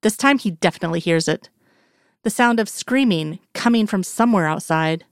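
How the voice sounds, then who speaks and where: A woman reading a story aloud in an even, measured narration. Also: medium pitch, clean tone, no echo, clean studio sound. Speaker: reader. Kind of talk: storytelling narration of fan fiction.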